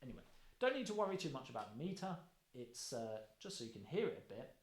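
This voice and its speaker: A man's voice: mid-range voice, big pitch swings. Man lecturing in an echoey room. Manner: explanatory, pausing to rephrase and correct himself. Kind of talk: recorded course lecture.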